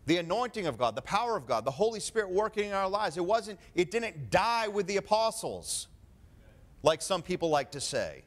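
A man preaching a sermon in a fairly high voice. He swings from hushed, confiding asides to loud, climbing declarations. He drives his points home with rhetorical questions. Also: big pitch swings, normal speed.

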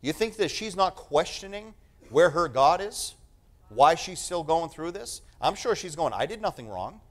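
Animated, high-pitched male preacher. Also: measured pace. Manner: animated, emphatic, repeating phrases. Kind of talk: sermon.

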